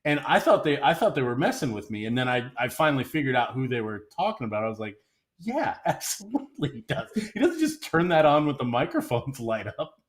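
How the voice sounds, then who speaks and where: A man with an Ohio accent, chatting as a podcast contributor, good-humored and quick to laugh. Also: mid-range voice, very animated. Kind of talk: casual podcast chat.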